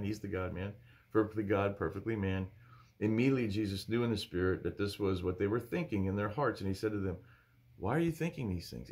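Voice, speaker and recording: A male pastor teaching from the Bible in an emphatic, animated preaching style. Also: on the low side.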